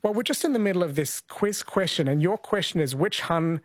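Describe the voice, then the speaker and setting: Upbeat man, higher voice. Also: lively intonation, no echo. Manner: brisk, upbeat and chatty. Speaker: radio quiz host. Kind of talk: live radio banter.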